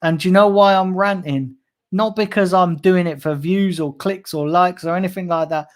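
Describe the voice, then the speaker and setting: A man's voice: high voice, fairly even intonation, normal speed. Angry, swearing man ranting. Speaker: fan channel host. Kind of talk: livestream rant reading chat.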